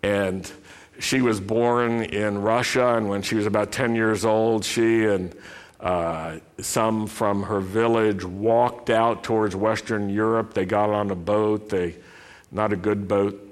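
A man's voice: lowish voice, fairly even intonation, slow. A middle-aged man preaching a sermon to his congregation, asking rhetorical questions and telling family stories in a conversational way. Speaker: pastor.

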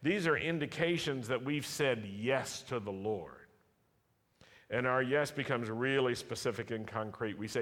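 A man's voice: mid-range voice, unhurried, fairly bright tone. A man preaching a sermon and leading prayer before a live congregation, with emphatic, rising declarations and repeated rhetorical questions. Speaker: pastor. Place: congregation hall, live service. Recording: long hall reverb.

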